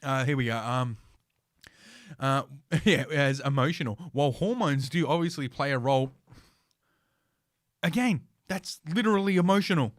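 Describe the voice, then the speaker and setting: A man's voice: mid-range voice, lively intonation, moderate pace, long pauses, dry recording. Scornful guy ranting on his podcast, sweary and sarcastic, dry close mic. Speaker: podcast host. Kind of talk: ranting podcast commentary reading an article.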